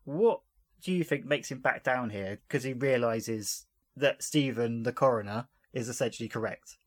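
A man's voice: medium pitch, moderate pace. A man hosting a podcast, recapping a TV episode in casual chat in a jokey way, laughing often. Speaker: podcast host.

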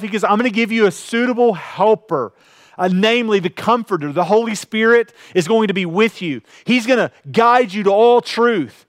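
A man with a high voice delivering a sermon in a conversational tone, often pausing on fillers as he retells scripture. The sound is dry and close, with no room echo. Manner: conversational preaching with frequent fillers, paraphrasing scripture. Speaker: pastor.

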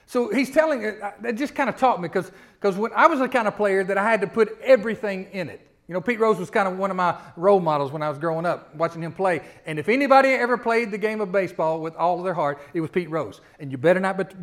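Middle-aged male pastor, high voice, chatty sermon delivery with rhetorical questions that swells to loud emphatic climaxes. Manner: conversational preaching, rising to loud emphatic peaks, frequent rhetorical questions.

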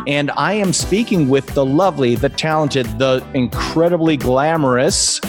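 A man's voice: on the high side, normal speed, soft background music. A man hosting a podcast, thanking his guest and signing off in a friendly, practiced manner. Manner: friendly, with a scripted-sounding outro. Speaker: podcast host. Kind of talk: podcast interview and sign-off.

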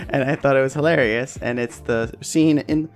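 A man's voice: medium pitch, measured pace, faint music behind. Laid-back man rambling through a podcast. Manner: loose and rambling, swears freely, laughs often. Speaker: podcast host. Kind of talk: casual chat.

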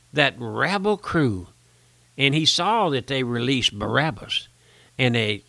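A man's voice: mid-range voice, vocal fry, pushed and bright, dry recording. An older man preaching a folksy radio sermon, pleading with the listener and rising to emphatic peaks.

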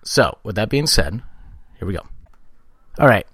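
Lively, joking man hosting a podcast. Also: lowish voice, normal speed, breathy edge, no room sound, clean studio sound. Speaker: podcast host. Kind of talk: casual podcast chat.

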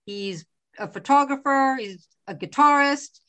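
A woman's voice: high voice, unhurried, a bit bright, no echo. A woman in her fifties from Boston hosts a podcast in an upbeat, chatty way. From Boston, USA. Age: 50s. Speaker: podcast host. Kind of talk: podcast intro and interview.

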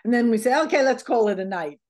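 A woman's voice: on the high side, fast. A woman being interviewed, telling stories casually with plenty of laughs and quoted dialogue. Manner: animated, laughs often, acts out quoted dialogue. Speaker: interview guest. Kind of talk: casual anecdotal storytelling.

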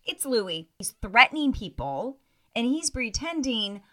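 Lively woman podcaster on a video call, bright voice jumping all over, swearing a lot. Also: on the high side, unhurried. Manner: animated, profane, mocking mimicry of cast members. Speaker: podcast co-host. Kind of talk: casual chat about reality TV.

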